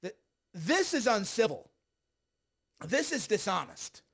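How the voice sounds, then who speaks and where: A man riffing through a livestream of political commentary. His voice sits noticeably high, and he keeps circling back in a heated, sarcastic ramble. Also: sing-song, slow, fairly bright tone, breathy edge. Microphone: streaming setup.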